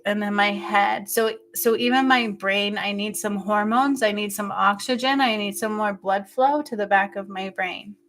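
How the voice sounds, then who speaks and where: A woman giving an intuitive healing session, talking slowly and haltingly with many fillers, in a soft, emotional and intimate way. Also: mid-range voice, fairly even intonation. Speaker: spiritual healer.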